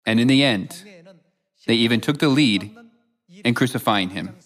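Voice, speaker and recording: A man preaching in a measured, solemn read-aloud style, quoting scripture between his points. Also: medium pitch, a bit bright. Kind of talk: scripted sermon narration.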